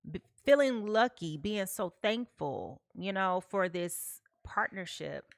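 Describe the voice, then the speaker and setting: A woman's voice: mid-range voice, expressive, slow, vocal fry, dry recording. A woman giving a live tarot reading, chatty, often checking in with "okay?" and talking to her viewers. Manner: chatty, repeats "okay?" often, talks to chat. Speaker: tarot reader.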